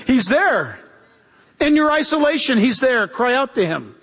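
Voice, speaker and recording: A man's voice: extremely high pitch, expressive, moderate pace, a bit bright. A male pastor preaching a fervent sermon, quoting scripture and crying out with exclamations.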